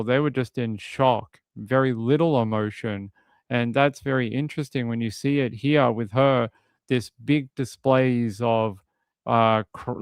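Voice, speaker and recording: A man's voice: mid-range voice, smooth, dry recording. A man giving casual livestream commentary on a case, talking in a rambling, conversational way and reading out viewer comments. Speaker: true crime streamer.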